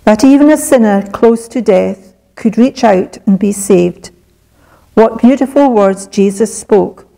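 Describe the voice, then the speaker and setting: A woman reading a devotional poem aloud at a church service, in a slow, measured recitation. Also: mid-range voice, gravelly, warm tone, rough recording. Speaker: service reader.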